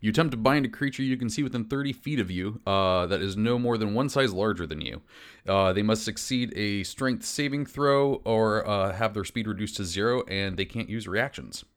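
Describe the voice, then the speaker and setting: Man at the game table, low voice, relaxed player talking through his turn and rules. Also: moderate pace. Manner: easygoing, explains rules plainly. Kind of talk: casual tabletop game play.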